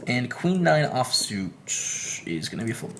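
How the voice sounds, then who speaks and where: An upbeat Canadian man talks through his poker hands on a live stream. His voice sits at an ordinary, middle pitch, and he keeps the talk loose and friendly as he greets viewers one after another. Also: sing-song, measured pace, a bit bright, a little hiss or hum. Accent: Canadian English. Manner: chatty and upbeat, greets chat viewers by name.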